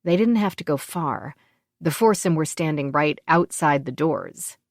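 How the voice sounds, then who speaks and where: Low-voiced woman narrating an audiobook. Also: no room sound, studio quality. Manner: even, measured storytelling. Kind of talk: scripted narration.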